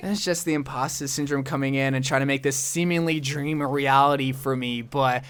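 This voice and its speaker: A man's voice: medium pitch, steady tone, a little fast, few pauses, a bit bright, clear, resonant tone. A young man, a gaming YouTuber, telling a personal story in his vlog, earnest and self-deprecating.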